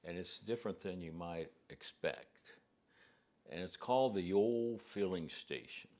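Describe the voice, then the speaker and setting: A man's voice: sits low, lively intonation, measured pace, warm tone. A man preacher telling a story in a homespun, conversational way. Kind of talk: storytelling to a congregation.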